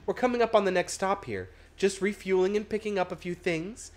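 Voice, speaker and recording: A woman voicing a chatty, folksy middle-aged female tugboat pilot in a video game, with a slightly hoarse put-on voice. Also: medium pitch, fairly quick, darkish tone, pitched above the performer's own voice, close to an everyday voice. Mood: friendly.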